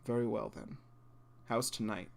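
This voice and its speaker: A man reading as a quiet stern headmaster. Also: fairly low pitch, fairly even intonation, gravelly, slight background noise. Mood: stern calm. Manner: measured, quiet, formal. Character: calm, stern middle-aged male headmaster.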